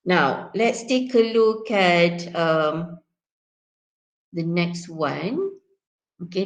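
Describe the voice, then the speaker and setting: A woman's voice: medium pitch, low-quality recording. A woman with a Malaysian accent lecturing on English pronunciation, checking in with "okay" and "yeah" and slipping into Malay words. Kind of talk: classroom lecture.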